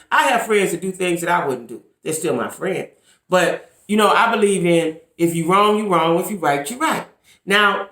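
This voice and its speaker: A woman vlogs straight to her viewers through a camera mic, offering casual commentary in an emphatic, repetitive way. Her voice is medium-pitched and fairly bright, and the room is echoey.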